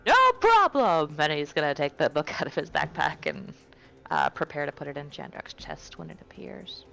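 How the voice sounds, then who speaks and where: Low, gravelly-voiced woman player. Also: sing-song, moderate pace, a bit bright, soft background music. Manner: casual, laughing easily. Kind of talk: tabletop game narration.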